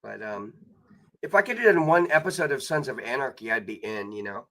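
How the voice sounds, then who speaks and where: A man's voice: medium pitch, lively intonation, fairly quick, a bit bright. A man guest telling rambling anecdotes in casual chat, with many fillers and quoted voices.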